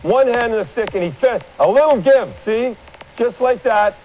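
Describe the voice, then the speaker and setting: An older man talks hockey in a high, animated voice, rambling and blunt. He keeps telling viewers to watch the replays. His talk sounds like opinionated studio commentary. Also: moderate pace, a little hiss or hum, rough recording. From Canada.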